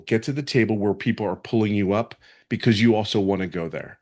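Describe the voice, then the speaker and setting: A man's voice: on the low side, fast talker, darkish tone. A man in his fifties giving an emotional, fervent testimonial on a webinar from home, earnest and often restarting his sentences. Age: 50s.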